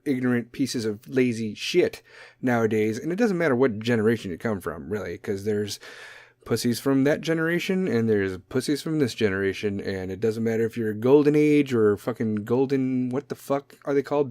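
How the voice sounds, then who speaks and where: A man's voice: mid-range voice, a little mellow, no echo, clean studio sound. Profane, blunt young man ranting. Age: young adult. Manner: goes off on tangents. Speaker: podcast host. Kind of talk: ranting monologue.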